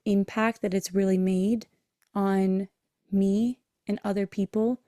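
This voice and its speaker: A woman's voice: medium pitch, level tone, takes it slowly, mellow, no room sound, clean studio sound. Earnest woman telling a personal story. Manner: emotional, earnest, acts out dialogue in her story. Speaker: podcast host and breathwork coach.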